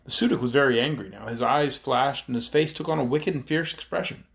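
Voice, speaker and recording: A man narrates a children's fantasy book, leaning into the action with expressive reading. His voice sits at a middle pitch with a gravelly edge. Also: fairly quick. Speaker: audiobook narrator. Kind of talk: scripted narration.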